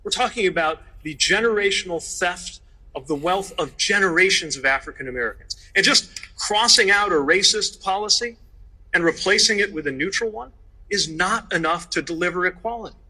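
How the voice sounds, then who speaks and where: Formal speechmaking man, bright husky tone. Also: sits high, poor audio. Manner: measured, formal. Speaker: political speaker. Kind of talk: prepared speech.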